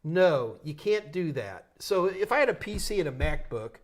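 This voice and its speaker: A man's voice: fairly high pitch, very animated, normal speed. A man with a New York accent hosting a live tech Q&A stream, talking loosely, joking and thinking aloud with restarts. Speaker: host answering tech questions.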